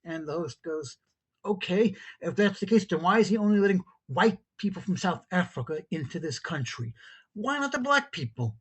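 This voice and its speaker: A man from New York with a New York accent, hosting an opinionated podcast monologue, animated and incredulous as he acts out both sides of an argument. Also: sits high, normal speed, slightly rough. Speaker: podcast host. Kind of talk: opinionated monologue, retelling a call-in exchange.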